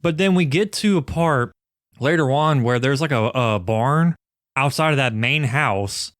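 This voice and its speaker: A man's voice: medium pitch, a little slow, a bit bright, no echo, studio quality. A man co-hosting a podcast, casually and profanely retelling scenes from a cult film. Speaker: podcast co-host. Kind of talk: casual movie review chat.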